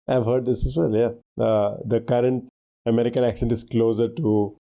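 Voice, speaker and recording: A man's voice: mid-range voice, flat delivery, normal speed, creaky, mellow. A man co-hosting a podcast in casual chat, thinking aloud as he guesses quiz answers and laughing easily.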